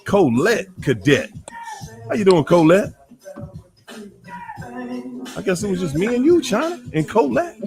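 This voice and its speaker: A man hosting a casual livestream, greeting chat viewers by name in an animated way, drawing out names and laughing often. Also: high-pitched, measured pace, long pauses, faint music behind. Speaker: livestream host.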